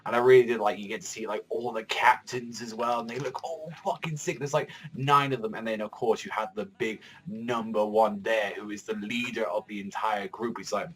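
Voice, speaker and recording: A man's voice: fairly low pitch, steady tone, normal speed, few pauses, fairly bright tone, slightly rough. A young man reviewing a manga chapter in a casual, rambling way, swearing often and filling his talk with "like". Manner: rambling, profane, heavy use of filler "like".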